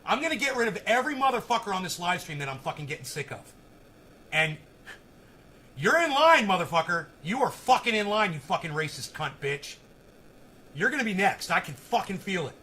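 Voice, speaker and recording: Profane high-voiced man ranting on stream. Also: very animated, fairly quick, a little hiss or hum, rough recording. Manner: profane, shouts angrily at chat commenters. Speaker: live streamer. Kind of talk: ranting live stream commentary. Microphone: phone.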